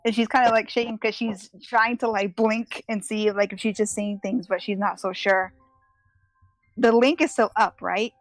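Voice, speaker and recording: A woman player narrating her character in third person, casual and expressive. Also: mid-range voice, normal speed, dry recording, poor audio.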